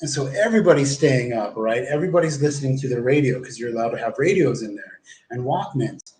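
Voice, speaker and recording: Man, mid-pitch, rambling foul-mouthed livestream storyteller, roomy echo. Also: expressive, fast, darkish tone. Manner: rambling, profane, acts out quoted exchanges. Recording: echoey room.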